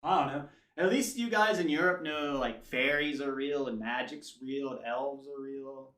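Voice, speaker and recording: A man's voice: medium pitch, normal speed, a bit bright. Rambling American man in a roomy room. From United States. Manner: rambling, tangent-prone. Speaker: streamer. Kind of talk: casual chat with stream viewers. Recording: roomy echo.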